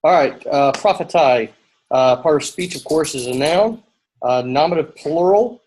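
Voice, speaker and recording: A man's voice: on the high side, expressive, normal speed, darkish tone, husky, poor audio. Hesitant male student reading answers. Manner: hesitant, with fillers and self-correction. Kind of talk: reading answers aloud in class.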